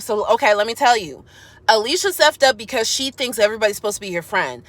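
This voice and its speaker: A sassy woman recording an opinion vlog in her car, talking straight to her viewers in punchy, slangy bursts. Her voice is fairly high and bright with an edge to it, and the sound is close and dry. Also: dry recording. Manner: sassy and emphatic, slangy, talks to viewers directly. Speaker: YouTuber giving commentary.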